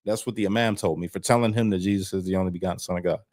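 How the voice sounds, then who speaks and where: A man's voice: deep voice, fairly even intonation, racing, darkish tone. A man on parole, speaking as an interview guest over a video call, telling his story in a frank, plain-spoken way and swearing freely. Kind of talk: candid casual storytelling.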